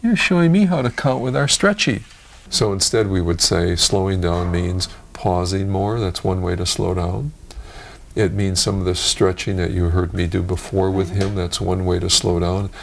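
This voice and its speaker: Gravelly, deep-voiced male speech therapist. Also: moderate pace, slight background noise. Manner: patient, encouraging. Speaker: speech clinician. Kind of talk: therapy session and parent counseling.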